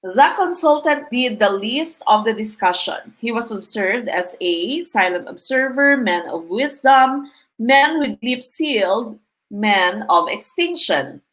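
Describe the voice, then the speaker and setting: Filipino-accented woman as exam-review teacher; a bit high, walks through each answer aloud, polite. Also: expressive, takes it slowly, a bit bright. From Philippines. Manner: reads quiz items and answer choices aloud, explaining step by step; mixes English with Tagalog, adds polite "po". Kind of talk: live-stream exam review lesson.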